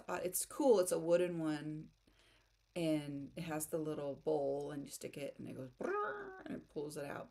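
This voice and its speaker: Chatty giggly American woman, lowish voice. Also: a little mellow. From United States. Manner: chatty, giggly, self-deprecating. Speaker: writing livestream host. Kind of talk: casual chat reading live comments.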